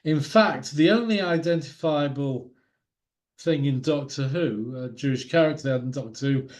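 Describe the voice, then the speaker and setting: A man's voice: mid-range voice, normal speed, darkish tone. A man giving an illustrated talk with slides, in an opinionated, wry way. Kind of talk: lecture with slides.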